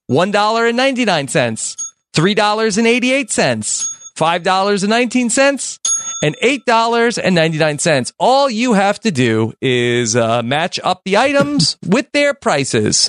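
A man's voice: sits high, very animated, a little slow, a bit bright, dry recording, clean studio sound. A man hosting a mock game show over a video call, rambling through his lines with lots of fillers.

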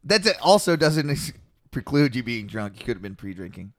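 A man's voice: mid-range voice, big pitch swings, fairly quick, a bit bright, dry recording, clean studio sound. A man co-hosting a podcast, bantering sarcastically and butting in with jokes. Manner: sarcastic, jumping into silly bits and put-on voices. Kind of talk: casual banter.

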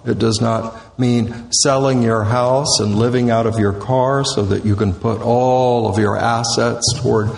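A male minister preaching a sermon in short, deliberate, measured phrases. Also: medium pitch. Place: church sanctuary. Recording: echoey hall with long reverb.

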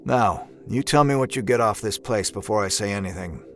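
A man's voice: lowish voice, fairly quick, a little hiss or hum. A man narrating an audio drama in the first person, with a folksy old-timey drawl and a laid-back, wry manner.

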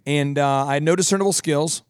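A male podcast host telling a story with energy and humor, slipping in quick voices along the way. His voice sits a little high, and the sound is close and dry. He speaks in a casual, chatty way. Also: smooth, no room sound. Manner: animated, jokey, does voices. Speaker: podcast host, business coach.

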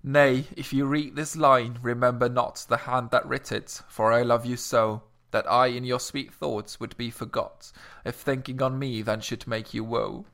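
A man co-hosting a podcast, reading a poem aloud in a measured, steady way after stumbling at first. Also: medium pitch. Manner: self-doubting, stumbles on words, then reads steadily. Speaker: podcast co-host. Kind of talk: casual chat and poetry reading.

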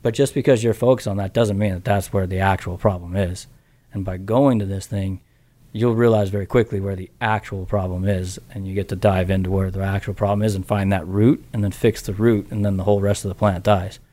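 A man's voice: low-pitched, fairly even intonation, brisk, dark tone. A middle-aged man as a podcast guest, rambling with many restarts and casual swearing as he tells his story. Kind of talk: casual interview chat.

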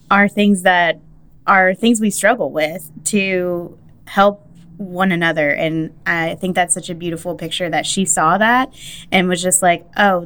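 A woman's voice: fairly low pitch, fairly bright tone. A woman hosting an interview, affirming her guest and asking questions. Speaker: podcast host. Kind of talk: conversational interview.

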